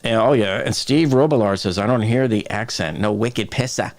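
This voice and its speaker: A man's voice: lowish voice, fairly quick. A man from the Boston area hosting a live stream, chatting casually, joking and reading viewer comments aloud.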